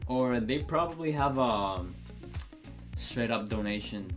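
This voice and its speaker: Male co-host, relaxed and chatty, faint music underneath. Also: medium pitch, takes it slowly. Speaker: reaction show co-host. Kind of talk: casual music review chat.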